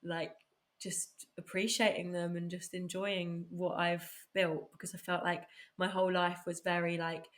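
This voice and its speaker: A bubbly, enthusiastic woman hosts a casual podcast chat. Her voice sits a little low, and she laughs easily between her thoughts. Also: level tone, measured pace. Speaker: podcast host.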